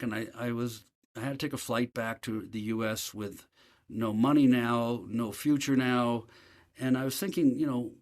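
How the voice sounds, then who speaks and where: A man at an ordinary middle pitch, speaking as a guest on an interview show. He spins a long personal story in a relaxed, anecdotal manner and is readily self-deprecating about his failures. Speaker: guest, professor.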